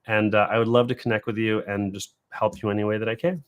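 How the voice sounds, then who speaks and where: Earnest low-voiced male guest. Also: flat delivery, fast talker, smooth, dull audio. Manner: earnest, stammering repeats, laughs easily. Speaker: interview guest, video creator. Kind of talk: casual conversational interview.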